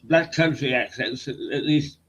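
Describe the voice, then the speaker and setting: An older man hosting a casual online talk, telling stories in a halting, hesitant way. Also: medium pitch, steady tone, a bit bright, lo-fi sound. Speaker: host and journalist. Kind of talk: casual chat on a video stream.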